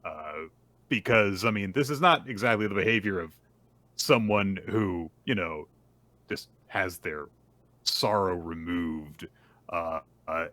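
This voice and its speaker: A man's voice: low-pitched, slow pace, bright, forceful tone, no room sound. A man co-hosting a podcast, casually retelling a manga chapter in a chatty storytelling way. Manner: chatty storytelling, acts out dialogue. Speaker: podcast co-host.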